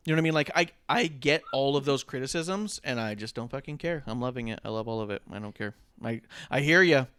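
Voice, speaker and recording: A man hosting a casual wrestling podcast, animated and swearing freely, often mocking himself. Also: fairly high pitch, smooth. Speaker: podcast host.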